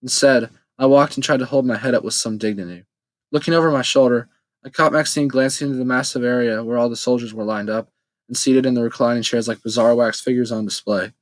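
A man narrates a first-person story in a steady, plain reading voice. His pitch sits in the middle range for a man. The recording is dry and close, with no room sound. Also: fast, no room sound, rough recording. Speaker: audiobook narrator.

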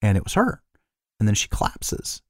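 A man's voice: moderate pace, no echo, clean studio sound. A man co-hosting a podcast, casually retelling a film plot, swearing freely and rambling with fillers. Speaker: podcast co-host. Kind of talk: casual chat recapping a film.

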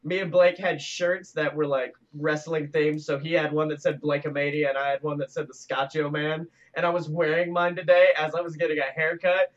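A man's voice: fairly high pitch, little pitch movement, fairly quick, few pauses. A man co-hosting a comedic wrestling podcast, talking in a playful hype-announcer manner, recorded slightly off the mic with a dull sound. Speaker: podcast co-host.

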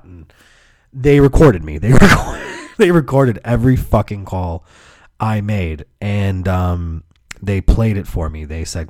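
A man's voice: fairly low pitch, lively intonation, measured pace, no echo, studio quality. A man hosting his own podcast, telling rambling, profane stories in a laid-back way. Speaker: podcast host. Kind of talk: casual comedic storytelling.

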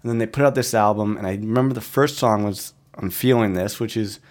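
A man's voice: lowish voice, a little fast, a little mellow. A man hosting a music podcast, talking in a rambling, chatty and easily amused way. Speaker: podcast host. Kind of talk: casual chat.

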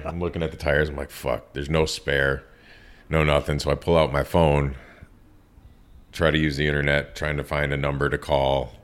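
A man with an extremely low, rumbling voice tells stories in a casual interview. He swears freely and acts out the people he quotes. He is in his thirties and works as a tattoo artist. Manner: profane, animated storyteller acting out quotes.

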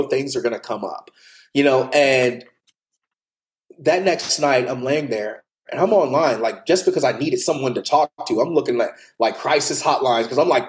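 A man, a podcast guest, telling a heartfelt personal story in an earnest, confessional way, sometimes dropping to a hush. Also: medium pitch, normal speed. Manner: earnest, heartfelt, confessional, with quiet hushed passages.

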